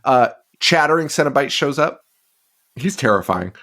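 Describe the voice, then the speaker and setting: A man's voice: mid-range voice, expressive, moderate pace, a bit bright. Guy on a podcast swearing nonstop, rambly, um-ing through the story, regular middle voice. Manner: heavy swearing, rambling with fillers. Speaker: podcast co-host. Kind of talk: casual movie recap chat.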